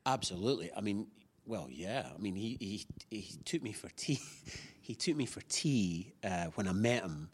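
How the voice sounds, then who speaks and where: A man's voice: lowish voice, expressive, moderate pace, slightly rough. A middle-aged man, an actor being interviewed, talking in a chatty, rambling way with many restarts. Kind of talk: casual interview chat.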